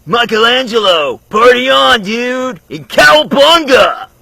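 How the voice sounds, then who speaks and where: A man voicing excited teenage turtle heroes, shouting high with surfer slang. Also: unhurried, creaky, husky, dry recording, full character voice. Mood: hyped. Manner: loud, high, hyped shouting.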